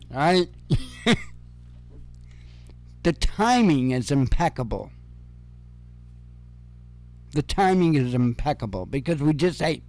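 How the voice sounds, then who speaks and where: A man's voice: on the high side, slow, long pauses, no room sound. A man hosting casual news commentary, sarcastic and profane, with chuckling asides.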